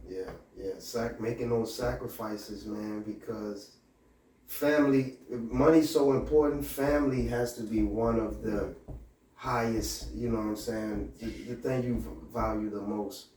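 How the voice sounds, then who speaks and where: A man's voice: on the low side, unhurried, darkish tone, far from the mic, a little hiss or hum. Casual podcast host, man, echoey. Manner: loose and conversational, with slang fillers.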